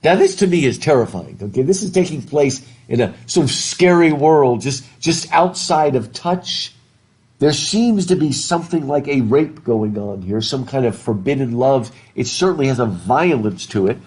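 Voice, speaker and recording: A man's voice: medium pitch, lively intonation, moderate pace, darkish tone, slightly rough. A middle-aged man giving a live classroom lecture as a literature professor, rambling, often repeating his words and putting questions to the class. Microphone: worn mic while masked.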